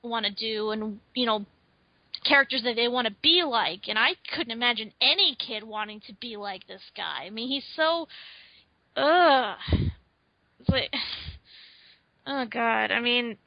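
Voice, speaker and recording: A woman's voice: a little high, measured pace, vocal fry, pauses often, no echo. A woman co-hosting a casual film review chat, emphatic and exasperated, full of fillers. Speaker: co-host. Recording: dull, dry lo-fi sound.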